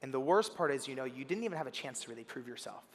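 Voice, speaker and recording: A young man in his twenties giving a keynote speech as a story, acting out the people in it and sometimes bursting into shouts. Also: medium pitch, lively intonation, racing. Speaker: keynote speaker. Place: large convention center hall. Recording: long hall reverb from a PA.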